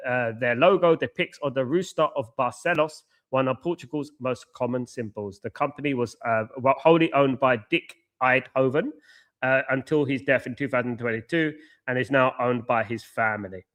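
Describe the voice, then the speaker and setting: A young man runs a live football watchalong stream. His voice sits at an everyday middle pitch but sounds bright and forward. He talks casually, bantering with viewers and circling back over the same points. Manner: chatty, repeats himself, banters with viewers. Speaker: watchalong host reading live chat. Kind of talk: live stream commentary and chat.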